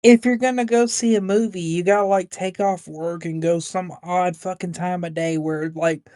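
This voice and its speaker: An opinionated man from the United States talks on a podcast, swearing casually. His voice is fairly high and recorded dry, with no room around it. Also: steady tone, normal speed, darkish tone, no room sound. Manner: opinionated, profane, offhand. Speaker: podcast co-host. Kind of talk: casual chat.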